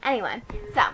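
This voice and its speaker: A woman's voice: a little high, sharp tone, a little hiss or hum, exaggerated voice, low-quality recording. Teen girl playing a bratty, rambling gossip. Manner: rambling, profane, bratty, giggly asides. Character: snarky ditzy teenage girl gossiping about a date. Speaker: comedy vlogger. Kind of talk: improvised comedy monologue.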